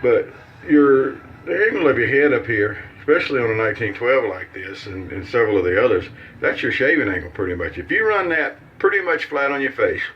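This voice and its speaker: A man's voice: mid-range voice, expressive, a little fast, lo-fi sound, faint music behind. A man from Mississippi with a Southern accent, chatting in a folksy, rambling, joking way while demonstrating a shave. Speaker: shaving vlogger. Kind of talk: casual shaving demonstration.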